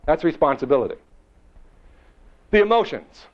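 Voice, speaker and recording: A man giving a motivational seminar to a live audience, emphatic and full of rhetorical questions, slowing and quickening for effect. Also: a little high, big pitch swings. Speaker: motivational speaker. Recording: dull lo-fi recording.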